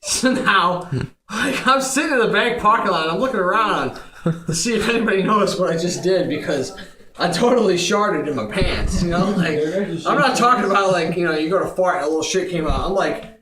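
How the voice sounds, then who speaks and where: A young man with a high voice rambles through a crude comic tale. He laughs and leans on fillers. The room is echoey and a crowd chatters behind him. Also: expressive, brisk. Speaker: storyteller. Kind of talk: casual comic storytelling.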